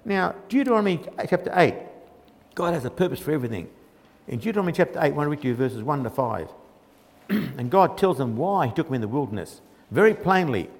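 A man's voice: fairly high pitch, very animated, fast, in a large hall. A man preaching a sermon in a colloquial, emphatic way, mocking the grumbling of the people he quotes.

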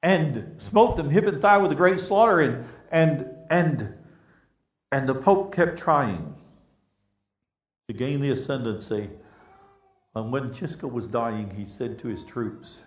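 A man with an Australian accent preaching a sermon, telling stories animatedly and rising to loud emphatic peaks before dropping to hushed, prayerful tones. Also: medium pitch, lively intonation, slow pace, long pauses, echoey room, highs cut off. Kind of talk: sermon with storytelling.

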